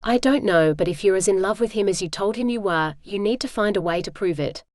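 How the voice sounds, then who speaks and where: A woman's voice: mid-range voice, fairly quick, a little mellow, no echo, studio quality, close to an everyday voice. A synthetic female voice reading a blunt, demanding woman's lines in an audiobook, reproachful in tone. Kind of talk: digitally narrated audiobook.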